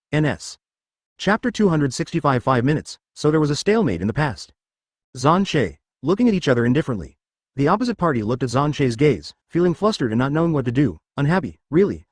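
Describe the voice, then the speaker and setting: A man's voice: fairly high pitch, very animated, fast talker, dry recording, clean studio sound. A man narrating a story in a stilted, literal reading style, breaking in with abrupt sound words.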